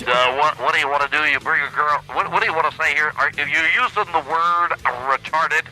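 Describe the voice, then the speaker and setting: A man's voice: a little high, steady tone, sharp tone, low-quality recording. A man voicing a brash, abrasive male talk-radio host who takes calls and insults the caller. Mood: combative. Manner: insulting, combative, rapid questioning.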